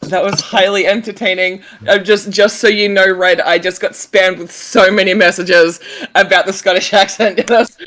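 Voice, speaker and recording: A woman's voice: mid-range voice, steady tone, normal speed, fairly bright tone. A woman running a tabletop game stream, chatting casually in a giggly, dramatic way.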